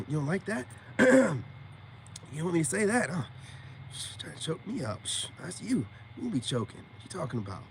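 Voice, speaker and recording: High-voiced man, teasing drawl. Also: sing-song, normal speed, vocal fry, pauses often, bright, forceful tone, a little hiss or hum. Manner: drawling, teasing, repeats "you know what I'm saying". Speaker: self-styled spiritual coach livestreaming to viewers. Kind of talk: casual livestream talk to chat.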